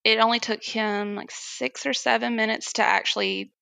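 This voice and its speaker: A young woman candidly telling a personal story as a guest, animated and often laughing as she acts out what others said. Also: on the high side, normal speed, creaky, no echo.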